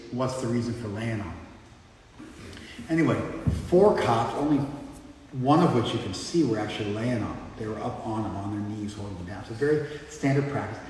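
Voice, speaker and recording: A man with a mid-range, darkish voice gives an informal class lecture, explaining conversationally and frequently checking in with his listeners. The recording comes from an echoey hall with a distant mic and faint background noise.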